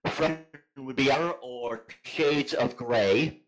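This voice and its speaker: A man's voice: medium pitch, slow pace, low-quality recording. A man appearing as a podcast guest in casual chat, speaking hesitantly and thoughtfully.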